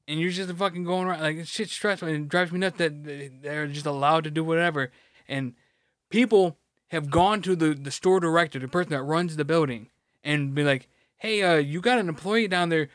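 A young man co-hosting a casual podcast, ranting about work in a profane, animated way. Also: a little high, no room sound, clean studio sound. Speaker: podcast co-host. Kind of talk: casual chat.

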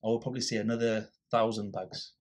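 Husky man telling a lively story. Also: lowish voice, quick pace. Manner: animated storyteller, acts out quoted dialogue. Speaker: guest, volunteer litter picker. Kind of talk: casual storytelling interview.

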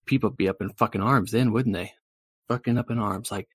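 Man, improv comedian, crude rambling banter, husky, dry sound. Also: lowish voice, a little fast, dry recording.

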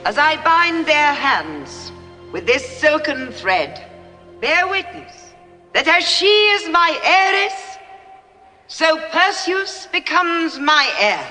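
A proud queen makes a solemn ceremonial vow in a film drama. Her voice is very high, slow and bright. It rings in a long hall over faint film music. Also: very animated, heavily acted. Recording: reverberant hall with film score.

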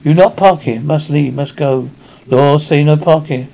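A terse shopkeeper quoting proverbs. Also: male voice, on the high side, a little slow, gravelly, mellow. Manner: clipped broken English, terse. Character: cryptic older male shopkeeper quoting proverbs. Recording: dull lo-fi TV soundtrack.

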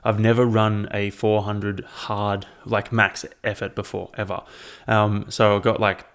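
Aussie young guy rambling about training, low voice, kinda gravelly, swears heaps. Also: unhurried. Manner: relaxed, rambling, swears often. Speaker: triathlete sharing training update. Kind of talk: casual chat. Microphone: own microphone.

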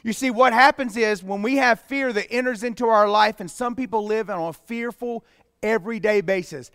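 A man pastor preaching a sermon with emphatic delivery that rises to loud exclamations. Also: high-pitched, moderate pace, smooth, dry recording, clean studio sound, in a large hall.

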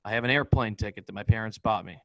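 A man, a podcast guest, telling a personal story in a rapid, profane, vivid way. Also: fairly low pitch, a bit bright, no echo, poor audio. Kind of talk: candid storytelling in an interview.

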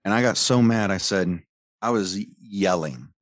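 Male, former medic, bass voice, heated profane storyteller, dry mic. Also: a little slow, dry recording. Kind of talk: angry personal account.

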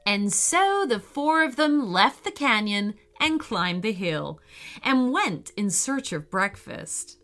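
A woman reads a children's bedtime story slowly and gently, with a bright, lively voice. Soft music plays under her reading. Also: fairly high pitch.

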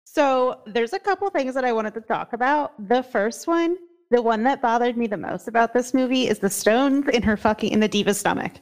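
A woman's voice: fairly high pitch, a little fast, a little mellow. A woman co-hosting a casual movie podcast, blunt and often laughing, with some swearing. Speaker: podcast co-host.

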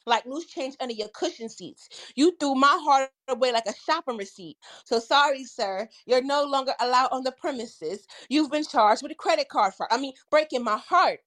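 A woman's voice: sits high, moderate pace, few pauses, fairly bright tone. A woman performing her spoken-word poem with a rhythmic, punchy delivery. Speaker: guest poet.

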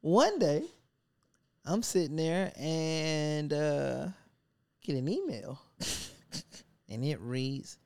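A young man hosting a casual talk show. He tells stories animatedly, his pitch swinging up and down, and laughs often as he goes. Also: expressive, very slow, vocal fry, long pauses, a little mellow, clear, resonant tone. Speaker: podcast host. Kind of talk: casual storytelling chat.

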